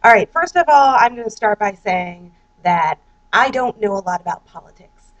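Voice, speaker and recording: A woman's voice: mid-range voice, lively intonation, moderate pace, lo-fi sound. A young woman vlogging, rambling casually with lots of fillers, restarts and mock-quoted voices. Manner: chatty, lots of fillers and self-corrections, mock-quoting voices.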